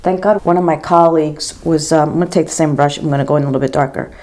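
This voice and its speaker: A woman's voice: sits low, fairly even intonation, rapid-fire, a little mellow. A woman in her fifties chatting casually to her camera as she does her makeup, telling a rambling story with lots of "girl" and "like.". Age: 50s. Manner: gossipy, rambling, says girl and like a lot. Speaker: makeup vlogger and nurse.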